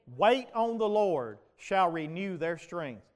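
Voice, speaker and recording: A man preaching a sermon in a notably high voice. He keeps putting questions to his listeners and swings from low, quiet stretches up to loud, emphatic ones. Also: big pitch swings, takes it slowly. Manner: preaching with rhetorical questions to the congregation, rising to shouts. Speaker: pastor.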